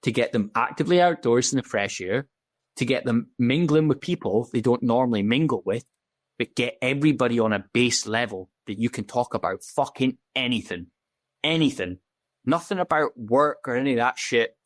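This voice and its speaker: A man's voice: mid-range voice, expressive, moderate pace, no echo. A man, a podcast guest telling his story in candid, casual talk, blunt and full of swearing, acting out the dialogue he quotes. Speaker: podcast guest, safety officer.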